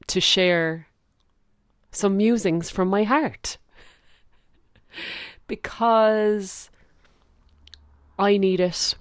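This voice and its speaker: A woman with a thick Irish country accent from Kilkenny, hosting a spiritual podcast in a gentle, heartfelt way that moves into guided meditation. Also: on the low side, no room sound, clean studio sound. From Ireland. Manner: gentle, heartfelt, slow and soothing with soft laughs. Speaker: podcast host.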